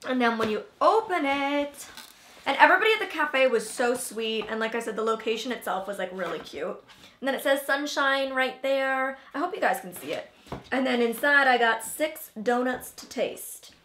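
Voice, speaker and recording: A woman's voice: high-pitched, lively intonation, normal speed, a bit bright, reverberant, a little hiss or hum. A young woman hosting a casual taste-test vlog, chatting in a loose, filler-heavy way and talking between bites. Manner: chatty, filler-heavy, talks while chewing. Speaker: vlogger host.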